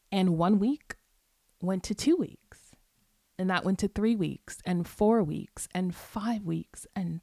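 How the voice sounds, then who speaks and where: Woman on her podcast telling a story from her life, kinda low and raspy-gravelly, casual, goes quiet and whispery at the soft parts. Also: no room sound, studio quality. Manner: candid, reflective, drops to soft whispers at tender moments; casual, occasionally profane. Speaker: podcast host. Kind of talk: personal storytelling monologue.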